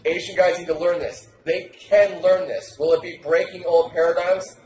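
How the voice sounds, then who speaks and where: Loud emphatic man in a roomy echo. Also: high voice, level tone, normal speed. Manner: loud, emphatic and profane, projecting hard. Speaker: dating coach. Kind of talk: animated podcast talk. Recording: roomy echo, faint noise.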